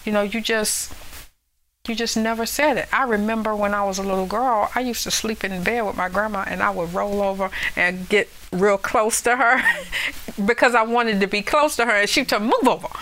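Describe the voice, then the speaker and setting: Bright, lower-voiced woman in her fifties telling a family story, laughing often; faint hiss behind. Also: steady tone, moderate pace, poor audio. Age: 50s. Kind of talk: casual chat.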